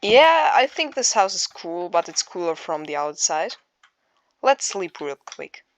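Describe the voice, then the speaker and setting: A woman casually narrating a tour of her game build, halting and searching for words, with many fillers. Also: on the low side, very animated. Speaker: Minecraft builder giving a map tour.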